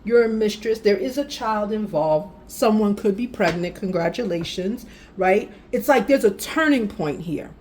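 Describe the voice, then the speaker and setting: A woman giving a casual tarot reading, animated and speaking directly to the viewer with frequent affirmations. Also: medium pitch, normal speed, a little hiss or hum. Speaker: tarot reader.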